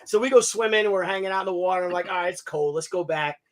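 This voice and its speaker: A man from New York, hosting a live stream with a high-pitched voice. He tells stories in an animated, loose way and throws in a curse or two. He sounds like he is on a video call. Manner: animated storyteller, swears, talks fast and loose. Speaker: host. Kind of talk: casual live-stream chat.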